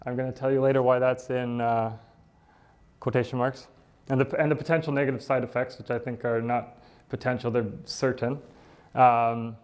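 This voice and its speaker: A man's voice: medium pitch, darkish tone. A middle-aged man, a dentist, giving a casual presentation, with fillers and asides. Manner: conversational, with fillers, laughs and "right?" asides. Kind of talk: casual talk.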